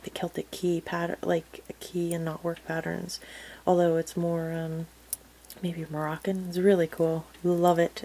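A woman hosting a crafting channel, chatting casually to viewers in a soft, gushing way that often drops to a murmur. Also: fairly low pitch, a little hiss or hum, rough recording. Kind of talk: casual unboxing chat to viewers.

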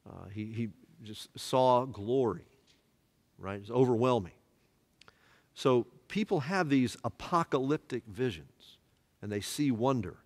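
A man's voice: medium pitch, expressive, a little slow, pauses often, big-room sound. A man leading a church Bible study, quizzing the class and having them finish his phrases. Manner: asks the class questions and has them fill in words.

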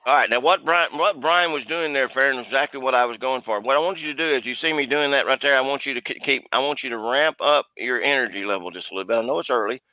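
A man leads a sales training call, pushing his team with folksy energy and frequent repeats. His voice comes through a tinny phone line. The sound is dry, with a middle pitch. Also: fast, few pauses, no room sound. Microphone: conference call line.

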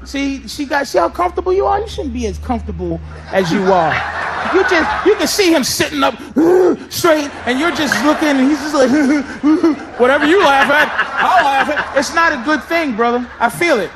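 A middle-aged man doing stand-up crowd work, loud, brash and profane as he teases the audience on a live stage. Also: very high voice, lively intonation, normal speed. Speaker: stand-up comedian. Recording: live show with crowd laughter and noise.

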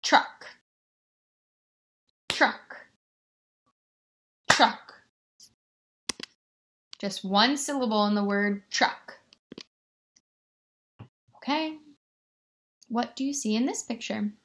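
A woman teacher giving a remote lesson to young children, stretching words out slowly and encouraging them. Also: on the high side. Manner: slow, exaggerated word-stretching, encouraging.

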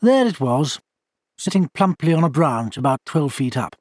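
A man reading a ghost-story style audiobook in measured, expressive storytelling narration. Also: fairly high pitch, breathy edge, no room sound, clean studio sound.

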